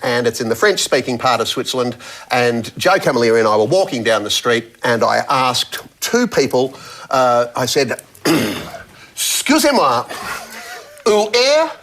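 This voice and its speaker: A man's voice: medium pitch, normal speed. An Australian man, a musician and panel guest, telling comic anecdotes in casual chat and acting out greetings. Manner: lively storyteller who acts out shouted greetings.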